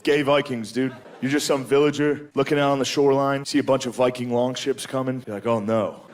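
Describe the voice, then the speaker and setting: A man's voice: medium pitch, level tone, brisk. A man doing a stand-up comedy set on stage, crude and casual, often saying "dude" and laughing at his own jokes. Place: comedy stage before a live audience. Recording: live room with audience noise.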